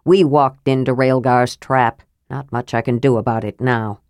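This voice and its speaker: A gruff old dwarf who speaks grimly and with weary resolve, as a woman reader puts him on. The voice is low and dry, close to the mic. He sounds like a seasoned fighter in a storybook. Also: animated, unhurried, darkish tone, no room sound. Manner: grim, gruff.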